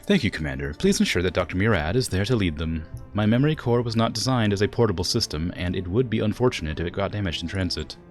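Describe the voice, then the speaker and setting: Polite ship AI, measured and formal, low voice, read by a man. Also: animated, soft background music. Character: calm sentient AI in a warship's memory core.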